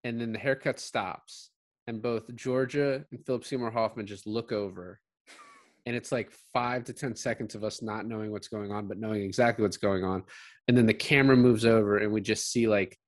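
A man's voice: lowish voice, moderate pace. A man casually talking through a film's scenes with a co-host, swearing and enthusiastic. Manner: swearing, excited retelling of scenes. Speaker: podcast co-host. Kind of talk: casual movie discussion.

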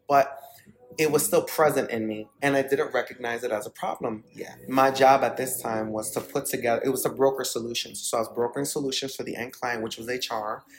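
A man's voice: mid-range voice, low-quality recording. A man with a mid-range voice tells his story as a podcast guest. He is from the Bronx, New York, and he talks emphatically and candidly, with plenty of swearing. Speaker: podcast guest, startup CEO. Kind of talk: storytelling in an interview.

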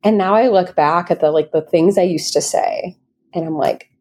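A woman with a low, slightly husky voice hosts a casual podcast conversation in person. She speaks openly and emotionally about motherhood and self-love, often affirming her guest with soft murmurs of agreement. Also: normal speed. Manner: warm, emotional, affirming with frequent backchannels. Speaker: podcast host. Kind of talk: casual interview chat. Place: friend's home, in person.

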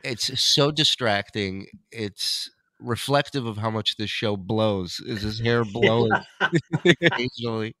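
A man's voice: on the low side, slow, sharp tone, no room sound. A male podcast co-host making sarcastic, mocking comments on a clip. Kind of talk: comedic podcast banter.

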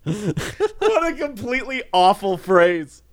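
A man's voice: high voice, big pitch swings. A man in casual podcast chat, joking playfully and firing off questions. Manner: playful, quick reactions, asks questions. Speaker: podcast co-host.

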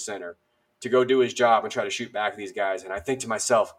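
This man, a guest on a podcast, speaks briskly in a lowish voice with fairly flat intonation. His storytelling is relaxed and lively, full of filler words and self-deprecating jokes.

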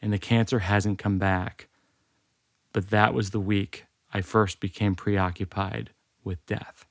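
A man's voice: fairly low pitch, little pitch movement, a little slow, no echo, studio quality. A man in his forties telling a personal story in a candid, wry, self-deprecating way. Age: 40s.

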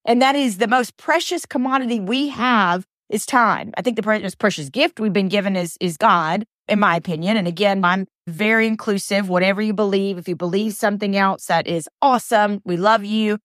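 A woman hosting a podcast, giving an earnest, animated motivational talk full of repeated phrases. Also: mid-range voice, fairly quick, hardly any pauses, dry recording, studio quality. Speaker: podcast host and coach.

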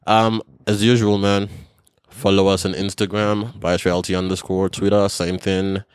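Podcast host, man, deep smooth voice, casual delivery, dry close mic. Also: moderate pace, dry recording. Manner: relaxed, conversational, lots of "you know". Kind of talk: casual chat.

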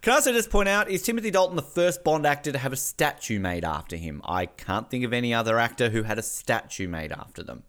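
Brief: male co-host, loose and jokey, given to crude asides, mid-pitched everyday voice. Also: very animated, fast, few pauses, a bit bright. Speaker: podcast co-host. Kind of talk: casual chat.

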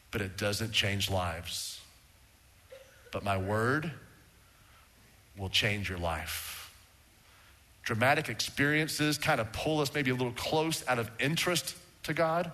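A man preaching a sermon to a congregation, swinging from raised emphatic lines to hushed low words. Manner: rises in pitch for emphasis, drops to a hushed low tone. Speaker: pastor. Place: church sanctuary with congregation. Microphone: handheld or stand microphone.

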